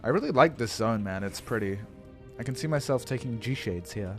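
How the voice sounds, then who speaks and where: Chatting casually during a live game stream, this young man swears, laughs and stumbles over his words. He speaks at normal speed in an animated, medium-pitched voice, with faint game music behind him.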